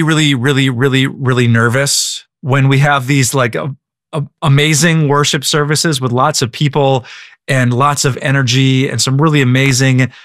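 A man's voice: medium pitch, fairly bright tone, dry recording, studio quality. A male pastor who prays and then answers a listener's question in a casual way, often stumbling and restarting his words. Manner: casual, many stammered restarts and repeated words.

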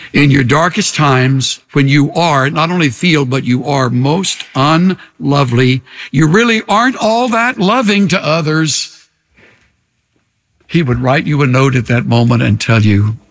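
An older man preaching a sermon in an earnest, emphatic way, slowing to soft pauses. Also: mid-range voice.

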